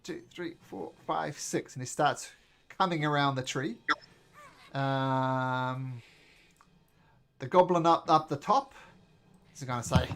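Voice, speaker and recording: A man narrating a tabletop game as game master, animated, counting out moves and ruling on dice. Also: mid-range voice, slow pace, pauses often, very noisy. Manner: animated, breaks into goblin voices, counts out movement. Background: faint music.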